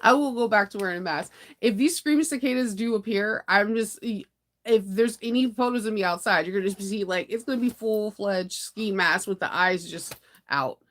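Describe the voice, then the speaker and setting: Animated, laughing woman in casual chat. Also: medium pitch, moderate pace. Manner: rambling, animated, laughs often, dramatic outbursts. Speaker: sewing channel host. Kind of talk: casual morning live chat.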